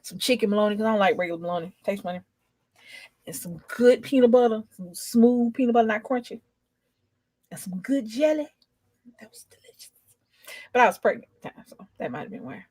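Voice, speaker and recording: A woman's voice: fairly high pitch, a little fast, pauses often, a little mellow, dry recording. A young adult woman rambling in casual chat, drawling and emphatic as a co-host.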